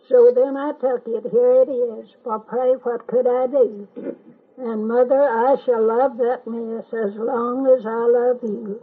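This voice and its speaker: An older woman reciting a long poem from memory in a slow, measured, sing-song way. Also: on the high side, steady tone, husky. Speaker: family elder reciting a poem. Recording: tinny lo-fi home tape recording.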